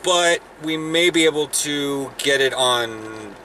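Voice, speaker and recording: Young man, casual vlog chat, rambling, bright tone, faint background noise. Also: mid-range voice, takes it slowly. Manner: rambling, restarts often, laughs. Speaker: vlogger, football player. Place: in a car, then outdoors.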